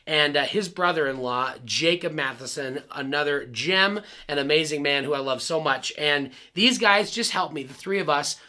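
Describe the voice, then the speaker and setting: A man with a very bright, somewhat high voice tells a personal story as a sermon. He talks in an earnest, confiding way and often turns to address his listeners directly. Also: normal speed, hardly any pauses. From Arizona. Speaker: pastor.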